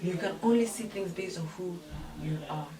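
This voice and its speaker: A woman from Nigeria, a guest in an interview, telling stories with animated delivery and acting out what other people said. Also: lowish voice, normal speed. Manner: animated storytelling, acts out other people's voices. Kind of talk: candid interview conversation. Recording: distant mic with crowd noise.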